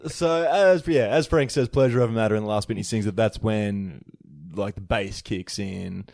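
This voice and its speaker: A man co-hosting a podcast in casual chat, relaxed and agreeable, with lots of fillers. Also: lowish voice, normal speed, creaky, no room sound, clean studio sound. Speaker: podcast co-host.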